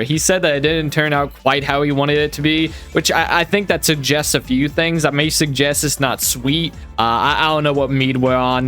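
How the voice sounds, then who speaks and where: A man's voice: medium pitch, fairly bright tone. A man hosting a reaction commentary, rambling along in a sarcastic, mock-admiring tone and calling his audience friends and folks. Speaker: commentary channel host.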